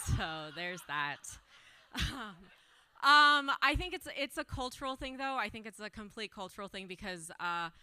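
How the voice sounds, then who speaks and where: A woman's voice: mid-range voice, lively intonation, normal speed, sharp tone, clean tone. A young woman doing a stand-up set, self-deprecating and giggly, with plenty of ums and uhs. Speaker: stand-up comedian. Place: brewery event stage.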